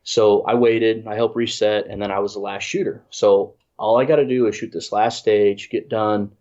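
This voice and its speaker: Low-voiced man, rambling story. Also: fairly even intonation, moderate pace, darkish tone. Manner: rambling, self-deprecating, many restarts. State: congested. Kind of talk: casual storytelling. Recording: dull lo-fi audio.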